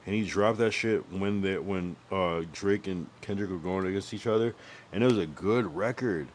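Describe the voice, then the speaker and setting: A man's voice: low-pitched, normal speed, slight background noise. A young man streaming live, chatting casually and rambling with profanity while he thinks aloud. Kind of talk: casual livestream chat.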